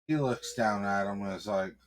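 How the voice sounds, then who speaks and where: A man telling an improvised story in a casual, halting way, with many ums and restarts. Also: lowish voice. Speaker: streamer and storyteller.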